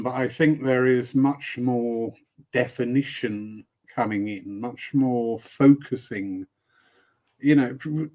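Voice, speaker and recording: Chatty British man hosting a live stream. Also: medium pitch. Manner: chatty, greets viewers warmly, jokey asides. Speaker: host. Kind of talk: casual live-stream chat.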